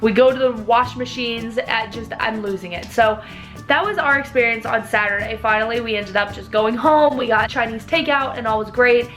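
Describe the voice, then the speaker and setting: A woman's voice: fairly high pitch, moderate pace, a bit bright, soft background music. Chatty young woman vlogger, laughing. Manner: chatty, laughing while telling a story. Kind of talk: casual storytelling vlog.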